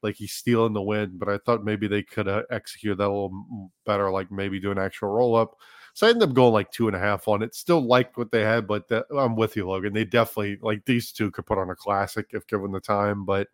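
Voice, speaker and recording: A man chats loosely as a podcast guest, piling up likes and trailing thoughts in a somewhat low voice. The recording is dry and close. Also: fast, no room sound. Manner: rambling, laughs at himself, many likes. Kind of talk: casual podcast chat.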